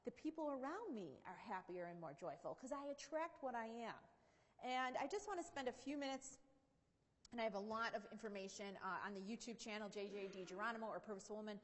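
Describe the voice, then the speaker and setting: A woman giving a conversational motivational keynote talk at a seminar, often saying "you know". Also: mid-range voice. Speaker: keynote speaker. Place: large conference hall. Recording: long hall reverb.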